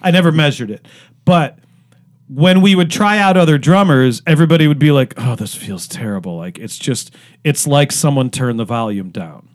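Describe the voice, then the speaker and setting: A man's voice: on the high side, animated, moderate pace. Rambling middle-aged man telling stories. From Cleveland, Ohio. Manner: rambling with many fillers and restarts. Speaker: guest musician. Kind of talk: casual interview storytelling.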